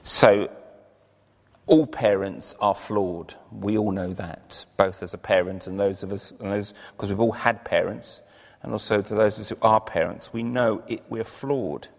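A man preaching a sermon earnestly, lifting his voice on key phrases. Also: on the low side. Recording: long reverb of a large hall.

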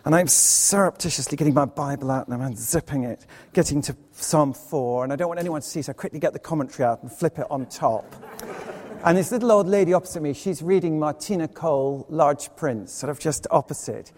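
A man's voice: fairly high pitch, a little mellow, in a large hall. Earnest male lay preacher, ringing church. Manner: earnest, storytelling, with quick asides. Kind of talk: sermon with an anecdote. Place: church, evening service.

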